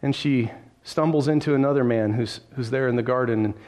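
A man's voice: medium pitch, brisk, darkish tone. A man preaching a sermon, retelling a story vividly and addressing listeners directly, with frequent restarts. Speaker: pastor.

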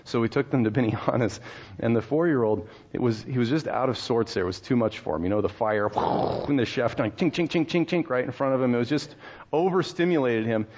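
A man's voice: mid-range voice, fairly quick, darkish tone, lo-fi sound. A male pastor in his thirties preaching a sermon in a conversational, storytelling way, with rhetorical questions and laughs.

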